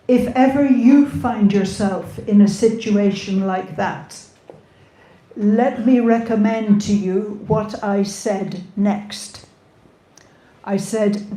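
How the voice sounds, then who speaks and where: An older woman with a slight Scottish accent answers audience questions at a lecture. She talks slowly in a mellow, darker voice, measured and dryly humorous. The echo of the lecture hall hangs around her words. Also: medium pitch. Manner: measured, plain-spoken, dry humour. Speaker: astrophysicist giving a public lecture.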